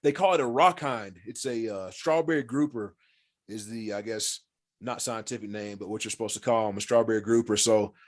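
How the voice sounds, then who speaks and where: A man telling hunting and fishing stories as a podcast guest in casual, animated talk, swearing freely and acting out what people said. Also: fairly low pitch, fairly quick. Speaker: podcast guest, former pro football player. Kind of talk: casual storytelling.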